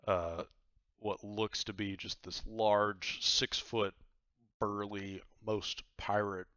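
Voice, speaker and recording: A man's voice: fairly low pitch, little pitch movement, slow pace, pushed and bright, no echo, muffled recording. A man narrating a tabletop game as game master, describing scenes in a rambling way full of fillers.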